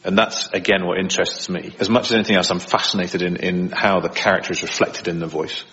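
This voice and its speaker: Chatty low-voiced man laughing in interview. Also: steady tone, fast, pushed and bright, dull audio. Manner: chatty, laughs often while talking. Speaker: impressionist guest. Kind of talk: conversational interview. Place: radio studio.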